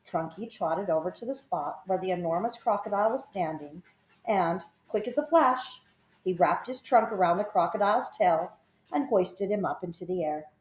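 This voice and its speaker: Expressive woman reading a children's story. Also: lowish voice, normal speed. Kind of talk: children's story read aloud. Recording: roomy echo.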